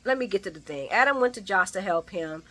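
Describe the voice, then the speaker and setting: A woman giving a casual, profane daily soap opera recap with animated asides. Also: medium pitch, fast talker, rough recording.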